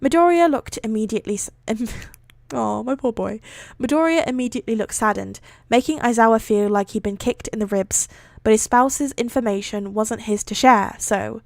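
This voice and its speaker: Reading fan fiction live to her stream audience, a woman from Britain speaks briskly in a voice on the high side. Her casual delivery is full of giggles, chatter, and frequent self-corrections, recorded in a clean studio with no room sound.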